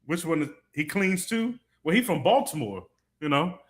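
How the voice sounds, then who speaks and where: A man's voice: fairly high pitch, big pitch swings, normal speed. A man co-hosting a live show, teasing and laughing through casual banter. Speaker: co-host.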